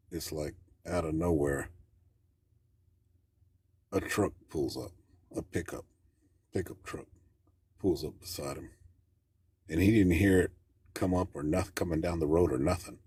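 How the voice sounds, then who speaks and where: A man's voice: very deep voice, a little slow, long pauses, a little mellow, breathy edge. A man calling in to tell a story, talking in a plainspoken, rambling way with folksy grammar. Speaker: caller. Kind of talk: casual storytelling.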